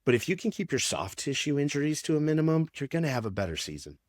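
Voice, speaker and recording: A man's voice: on the high side, very animated, fast talker, darkish tone, dry recording, studio quality. A man who works as a strength and conditioning coach, explaining training in a casual podcast interview with lots of fillers.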